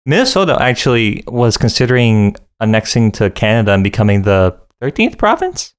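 A man with a Midwestern American accent chats loosely at home in a bedroom, his voice smooth and resonant. He rambles through ideas with plenty of ums and likes. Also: fairly low pitch, a little fast. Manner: relaxed, rambling, many fillers. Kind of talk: casual chat.

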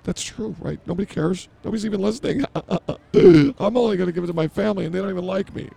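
A man's voice: sits high, lively intonation, fast, gravelly, mellow, breathy edge, no echo. A man hosting a comedy podcast who blurts things out and mocks himself in improvised banter. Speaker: podcast host.

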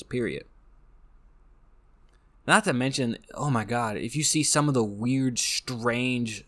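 A man's voice: mid-range voice, a bit bright. An American man hosting a casual monologue, rambling and joking with frequent restarts. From United States. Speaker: podcast host.

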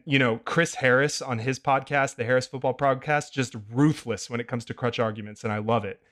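A man hosting a sports podcast who talks in an opinionated, animated way. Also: medium pitch. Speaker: podcast host. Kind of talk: casual podcast chat.

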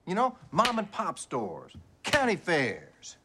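An actor playing a sarcastic, folksy Texan executive with a drawling voice, in a clip from a TV drama. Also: male voice, high voice, wildly swooping pitch, slow pace, noisy background, full character voice. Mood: mocking.

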